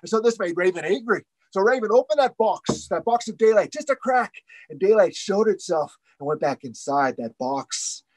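A male storyteller with a fairly high voice, telling a traditional tale in rhythmic, repeating phrases. The sound is dry and close, with no room around it. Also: lively intonation, moderate pace, hardly any pauses, no echo, poor audio. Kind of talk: oral storytelling.

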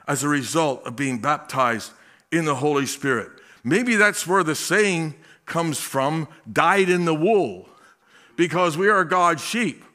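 A male pastor preaching a sermon, slow and drawn out, with emphatic swells and folksy asides. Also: a little high, sharp tone.

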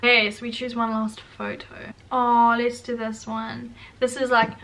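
A woman's voice: on the high side, flat delivery, moderate pace, hardly any pauses, distant mic, noisy background. A young woman from South Africa with a South African accent, chatting casually and self-mockingly in a vlog, laughing often. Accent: South African English. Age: young adult. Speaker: vlogger.

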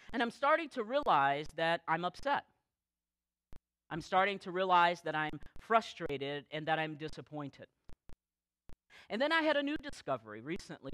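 A man preaches from the pulpit, his voice moving freely up and down in pitch. He tells candid stories with dry, self-mocking humor, then slows to press key phrases home. The sound is dry and close. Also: bright, forceful tone, no room sound, rough recording. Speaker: pastor. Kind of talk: sermon. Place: church service, recorded live.

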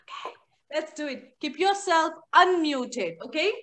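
A woman teaching an online phonics class to young children over a video call, coaxing them along with animated, sing-song prompts. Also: sits high, unhurried.

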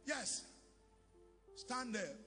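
A man's voice: very high voice, big pitch swings, extremely slow, bright, forceful tone, husky. A Nigerian man preaching as pastor, leading an altar call with urgent, commanding, repeated calls to come forward. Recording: reverberant church hall with music.

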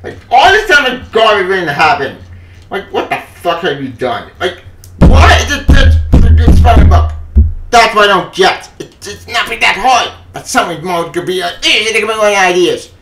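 A man giving a furious, profane rant on a comics news vlog, often shouting. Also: high voice, big pitch swings, moderate pace, over music. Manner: angry, profane ranting with frequent shouting. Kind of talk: ranting opinion vlog. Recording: echoey room, voice off-mic.

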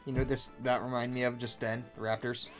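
A man co-hosting a let's play, tossing out offhand, joking backseat advice. He speaks at an ordinary middle pitch, with faint game music behind him. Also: little pitch movement, brisk. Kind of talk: casual gameplay chat.

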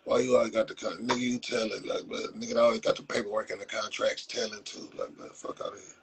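A man's voice: on the low side, little pitch movement, fast talker, breathy edge, low-quality recording. A man from Compton in Los hosts a live stream, mocking viewers in profane, casual talk with frequent laughs. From Compton, Los Angeles.

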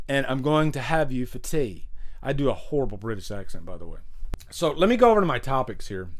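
Chatty man hosting a live stream. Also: fairly high pitch. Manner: chatty and enthusiastic, many fillers and restarts. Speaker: host of a live stream show. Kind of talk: casual live stream chat, reading chat comments.

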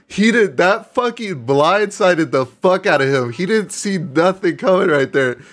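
A man streaming a scam-baiting call, excitable and swearing freely as he laughs and gushes. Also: sits high, unhurried, few pauses. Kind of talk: casual streamed prank call.

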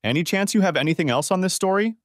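A man's voice: sits high, expressive, fast talker, no room sound, clean studio sound, voice pushed up. A man narrating an audiobook, voicing a bubbly, crude female gossip show host in a raised, gushing voice. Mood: thrilled.

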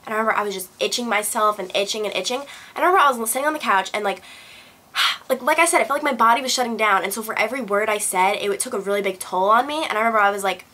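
Young woman vlogger, quick and bright, casual animated storytelling. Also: medium pitch. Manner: animated retelling, acts out quotes, fillers like "blah blah". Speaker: beauty vlogger.

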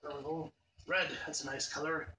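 A man's voice: on the high side, fairly even intonation, normal speed. Man muttering asides in an echoey room. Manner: self-mocking muttered asides. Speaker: video maker. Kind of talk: casual behind-the-scenes asides. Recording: echoey room, mic far off, noisy.

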